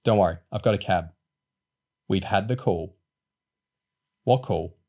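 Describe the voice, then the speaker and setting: A man voicing a calm, matter-of-fact teenage boy on a mission. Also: deep voice, a little slow, dull audio. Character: cool-headed teenage boy agent.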